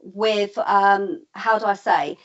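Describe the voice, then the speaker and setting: Psychic co-host, woman, halting and giggly delivery with lots of ums, muffled lo-fi audio, mid pitch. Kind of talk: casual live reading chat.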